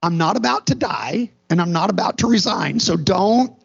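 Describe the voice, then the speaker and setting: A middle-aged man preaches with a high, husky voice full of gravelly fry. He tells his story earnestly and often restarts his sentences. The recording sounds dull and lo-fi. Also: expressive, normal speed. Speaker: pastor. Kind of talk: sermon.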